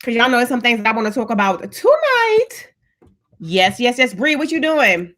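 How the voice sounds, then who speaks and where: A woman's voice: fairly high pitch, wildly swooping pitch, normal speed, a bit bright. A woman hosting a casual live stream, chatting upbeat and greeting viewers one by one by name.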